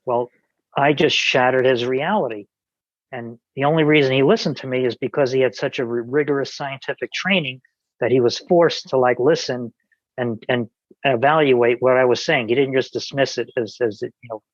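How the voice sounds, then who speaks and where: A man's voice: medium pitch, moderate pace, dry recording, highs cut off. A man, a podcast guest, telling an anecdote in casual conversation, with many restarts and quoted dialogue.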